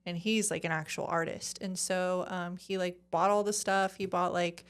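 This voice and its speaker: A woman's voice: fairly low pitch, moderate pace, clear, resonant tone. A young woman from Arizona, a podcast guest, telling a story casually and acting out what people said. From Arizona, USA. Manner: animated, acts out quoted dialogue, frequent "like".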